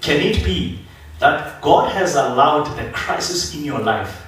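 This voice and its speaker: Animated preacher in an echoey church. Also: male voice, on the high side, a little slow. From South Africa. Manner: animated storytelling, acting out biblical figures. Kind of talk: sermon. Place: church sanctuary. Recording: echoey church hall from far off.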